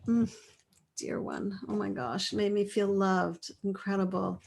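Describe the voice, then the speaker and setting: A woman in her forties leading a live online class, reading out chat replies in a gentle, affirming way and laughing often. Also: medium pitch, level tone, unhurried, gravelly, slight background noise. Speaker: course leader.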